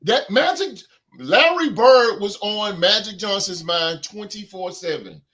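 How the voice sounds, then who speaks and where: A man's voice: high-pitched, animated, a little slow, bright, forceful tone. A man hosting a sports podcast, ranting with emphatic repetition and then reading sports news aloud. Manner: emphatic, repeats phrases for effect. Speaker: podcast host.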